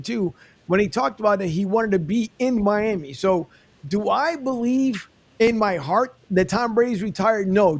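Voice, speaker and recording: A man hosting a sports podcast, sharing rambling opinions in an easygoing way. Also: high voice. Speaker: podcast host. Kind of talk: casual podcast chat.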